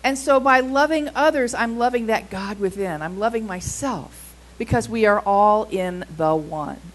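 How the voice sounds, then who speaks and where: A woman pastor preaching a sermon to a congregation, telling a story with quick, animated asides. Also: mid-range voice. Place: in front of a congregation.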